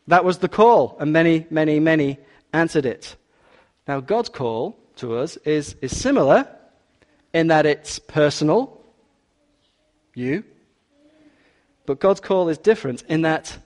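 A man's voice: a little high, expressive, normal speed. A man preaching a sermon in a church, emphatic and repetitive, drawing in the congregation. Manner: emphatic, repeats key words, talks with congregation.

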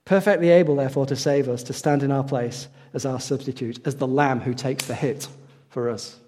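A man preaching a sermon, swinging between raised emphasis and quiet, hushed lines, often questioning his congregation. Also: mid-range voice, fairly quick. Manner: animated, rises for emphasis and drops to a hush, asks the audience questions. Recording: long hall reverb.

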